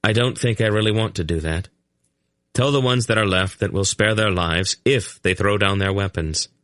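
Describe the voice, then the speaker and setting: A man's voice: fairly low pitch, moderate pace, fairly bright tone, no echo, studio quality, lightly acted. A man voicing an earnest young hero in a fantasy audiobook, talking urgently in the heat of battle. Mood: thoughtful. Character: young male hero fighting a desperate battle.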